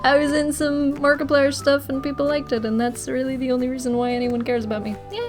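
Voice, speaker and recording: A young woman with a fairly high voice chats through viewer questions in a loose, rambling way. She breaks into giggles often, and faint music plays underneath. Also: level tone, fast. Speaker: YouTuber. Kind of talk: casual Q&A vlog.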